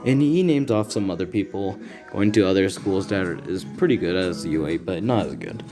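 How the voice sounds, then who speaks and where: A man casually making up and narrating a story, rambling and halting as he goes. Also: sits low, lively intonation, over music. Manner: rambling, halting, loose and informal.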